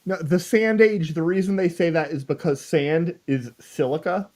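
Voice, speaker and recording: Man explaining with a slightly high voice. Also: moderate pace, a little mellow. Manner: explanatory, hesitant restarts. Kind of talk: casual chat.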